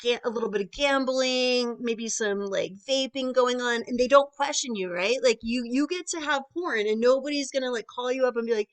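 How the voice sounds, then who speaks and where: A woman's voice: a little high, normal speed, hardly any pauses, clear, resonant tone. A young woman doing conversational stand-up comedy, chatty with lots of filler words and rising asides to the crowd.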